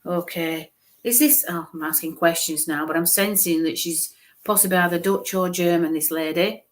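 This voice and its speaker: A woman's voice: fairly low pitch, normal speed. A woman medium giving a live-streamed psychic reading, musing aloud, hesitant, repeating sounds and letters.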